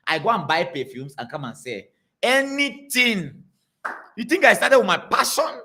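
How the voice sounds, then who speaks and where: A man preaching to a congregation, telling stories in an animated, repetitive way. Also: on the high side, a little fast. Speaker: pastor.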